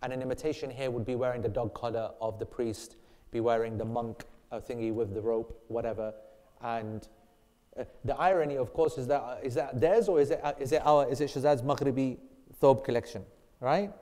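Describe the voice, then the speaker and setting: A man's voice: medium pitch, fairly quick, mellow. A man teaching an informal Islamic class, joking and teasing his students as he rambles. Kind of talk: casual informal religious class. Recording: long reverb in a hall.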